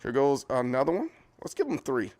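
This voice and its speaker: His mid-range, slightly mellow voice swoops wildly in pitch and moves a little fast. The man is hosting a casual livestream from his home kitchen, rambling chattily to his viewers as he walks with a handheld camera.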